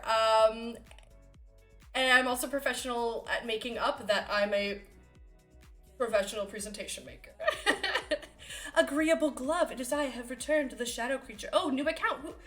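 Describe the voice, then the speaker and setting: A woman's voice: on the high side, fairly bright tone. A woman streaming live, chatting casually in a bubbly, giggly, easily distracted way. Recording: roomy echo with faint music.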